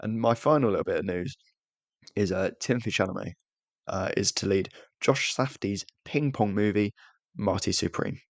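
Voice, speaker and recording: Gravelly young British man. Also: fairly low pitch, normal speed, no echo. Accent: British English. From Britain. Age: young adult. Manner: rambling, self-deprecating, restarts often. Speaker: podcast co-host. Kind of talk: casual chat.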